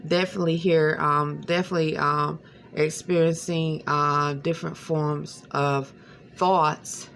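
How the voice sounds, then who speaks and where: A woman speaking in a hesitant, rambling late-night monologue at home, filling her talk with many pauses and fillers. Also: sits low, flat delivery, vocal fry, a bit bright, a little hiss or hum. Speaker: vlogger.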